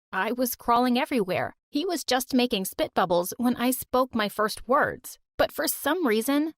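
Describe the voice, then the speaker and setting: A woman narrating a first-person story in a brisk, matter-of-fact way. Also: on the high side, dry recording, studio quality.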